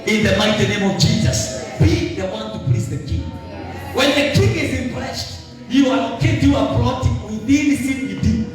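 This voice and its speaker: A man with a Kenyan accent preaching a sermon as pastor, lively and animated, dropping into Swahili phrases. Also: very high-pitched, a little slow. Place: church. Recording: echoey church hall, voice from a distance, faint music.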